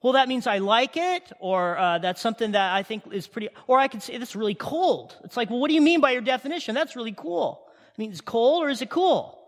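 A man preaching a sermon in a high, light voice that carries through a church hall, with a long reverberant tail on every phrase. He talks emphatically and conversationally, and keeps checking in with the congregation. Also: expressive, fast, hardly any pauses, a bit bright. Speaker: pastor.

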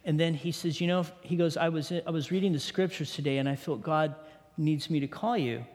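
Middle-aged male pastor, raised pitch, emotional testimony that turns hushed, reverberant hall. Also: a little fast. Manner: emotional storytelling, drops to hushed tones. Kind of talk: sermon testimony.

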